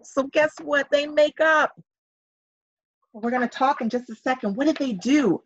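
A woman reading a picture book aloud to young children over a video call, pausing to ask them questions. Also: high-pitched, no echo, highs cut off. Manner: animated, coaxing questions to young listeners. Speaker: reader at a virtual story time for children. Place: home setup on a video call.

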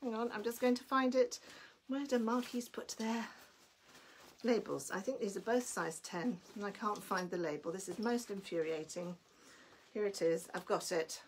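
A woman's voice: medium pitch, moderate pace, a little hiss or hum. A woman selling clothes on a live stream, chatty and enthusiastic, a little breathless. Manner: chatty and enthusiastic, greets viewers by name. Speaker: online clothing seller.

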